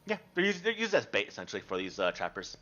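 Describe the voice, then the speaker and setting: A man narrating a tabletop game as game master, animated and rambling with fillers. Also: on the low side, quick pace, dull audio.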